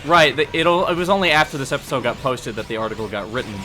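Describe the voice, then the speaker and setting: A man giving casual, animated group commentary on his own fan dub series, prone to loud excited outbursts. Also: medium pitch, quick pace, faint music behind.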